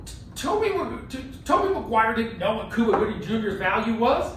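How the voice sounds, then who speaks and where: Man, real estate trainer, animated, joking, distant phone recording, very echoey room. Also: very high-pitched, normal speed, slight background noise. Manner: animated, joking, lots of rhetorical "right?". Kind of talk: casual workshop teaching. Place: classroom with a group. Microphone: phone camera from across the room.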